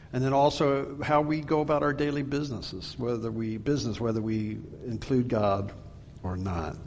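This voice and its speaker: A man preaching a Bible-teaching sermon, earnest and emphatic, slowing down for scripture readings. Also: mid-range voice, big-room sound. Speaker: pastor.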